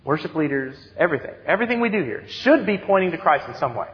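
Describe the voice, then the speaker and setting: A man in his thirties preaching a sermon as youth director, telling stories with animated, acted-out voices, heard in a church sanctuary. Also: on the high side, quick pace. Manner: animated storytelling, acts out excited voices. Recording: dull sound with long church reverb.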